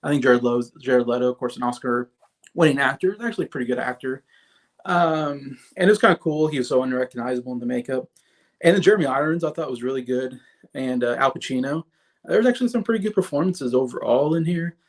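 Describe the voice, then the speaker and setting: A man's voice: mid-range voice, quick pace. A man in his thirties hosting a casual livestream, reviewing movies in a rambling way with many fillers and restarts and chatting with viewers. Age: 30s. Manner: chats with viewers in the comments.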